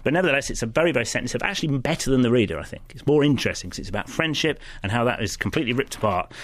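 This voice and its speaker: A man's voice: mid-range voice, lively intonation, rapid-fire, dry recording. A man reviewing films in casual radio chat, rambling and opinionated with many restarts. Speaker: film critic.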